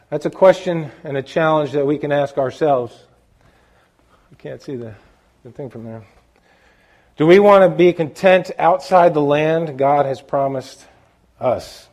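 A man's voice: a little high, a little mellow. A middle-aged man preaching a sermon, asking his listeners questions and restarting sentences with fillers.

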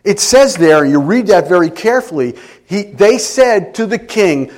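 A middle-aged man preaching a sermon as a pastor, emotional and animated, dropping at times to quiet intensity. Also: sits high, moderate pace. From Italian family background.

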